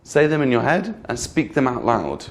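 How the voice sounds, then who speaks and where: A man teaching English pronunciation in a clear, patient lesson, repeating example words and checking in with the learner. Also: medium pitch, big pitch swings, normal speed. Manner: patient, repeats each example word twice; addresses the learner directly with frequent "okay?". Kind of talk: slow, clear instructional lesson.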